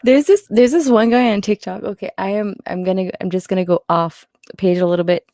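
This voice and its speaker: A woman's voice: medium pitch, steady tone, a little fast, mellow, no room sound, clean studio sound. A woman co-hosting a casual livestream, giggly and enthusiastic.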